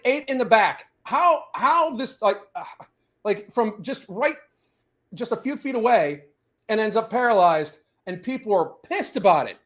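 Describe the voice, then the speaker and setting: Animated high-voiced man ranting. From US South. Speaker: podcast host. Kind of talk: casual rant chat.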